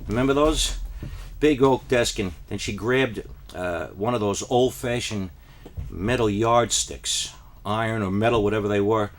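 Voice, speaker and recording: A man from New Jersey telling a deadpan parody monologue, rambling and then rising into frantic, high-pitched pleas. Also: a little slow. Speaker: comic storyteller.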